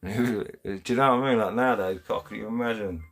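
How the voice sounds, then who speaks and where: A man's voice: lowish voice, a little fast, a bit bright. A man with an English accent hosting a casual live stream, chatting bluntly in heavy slang, laughing often and reading out viewers' comments from his home. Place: home, indoors.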